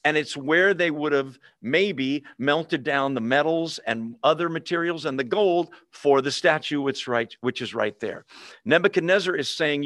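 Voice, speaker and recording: A man's voice: on the high side, normal speed, a bit bright, no echo, studio quality. A man teaching a Bible lesson in a conversational way, often checking in with his listeners.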